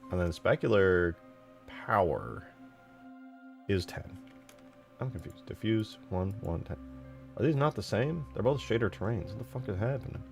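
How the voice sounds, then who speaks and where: Low-voiced rambling young male streamer. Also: vocal fry, darkish tone. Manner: rambling, profane, slangy. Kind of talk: casual live-stream commentary while modding.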